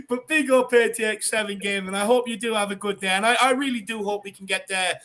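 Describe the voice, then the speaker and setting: This is an Irish man with a remarkably high voice for a man, hosting a casual fan livestream. He is upbeat and chatty, and he greets viewers one by one with local slang. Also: fairly quick, a bit bright.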